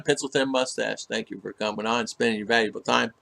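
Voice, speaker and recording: This man's voice is fairly low, gravelly, and fairly bright, with a steady tone and a brisk pace. He hosts a casual livestream at home in the Philippines, reading out chat comments and rambling through them, often restarting and filling pauses.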